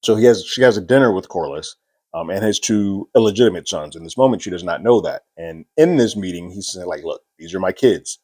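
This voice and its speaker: A man with a fairly low voice talks through a TV episode breakdown in a loose, casual way. He paraphrases scenes in quick quoted asides, peppered with "like," and laughs between points. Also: lively intonation, mellow, breathy edge. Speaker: TV show recap host.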